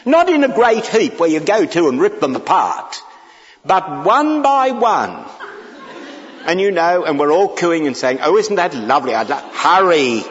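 A man delivers a sermon, mixing humorous anecdotes with emphatic, pleading repetition. His delivery is slow and lively in pitch. The sound is dull and lo-fi with a long hall reverb. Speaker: preacher.

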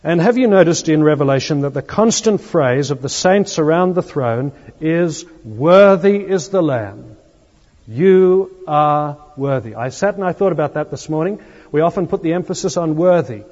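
A man preaching a sermon as pastor, earnest, with emphatic pauses. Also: on the high side, a little mellow. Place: church. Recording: long church reverb, dull lo-fi sound.

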